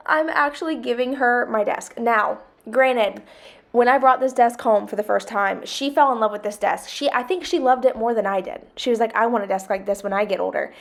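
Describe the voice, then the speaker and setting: Chatty woman vlogger. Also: fairly high pitch. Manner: chatty, rambling, with many fillers. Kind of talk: casual home vlog chat.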